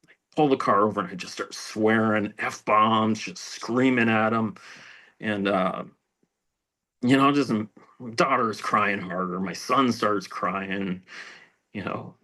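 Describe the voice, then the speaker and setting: A middle-aged man telling his recovery story in a rambling, halting way, full of restarts and fillers, dropping to a near whisper at painful moments. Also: on the low side, fairly even intonation, pushed and bright. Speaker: speaker sharing recovery story. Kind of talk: personal testimony at a recovery meeting.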